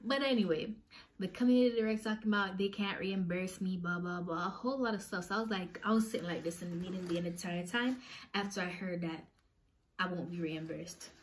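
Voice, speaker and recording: Young woman vlogger, casual storytime, animated, mid-pitched voice. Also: fast talker, slight background noise. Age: young adult. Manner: animated, acts out quotes with swings in pitch.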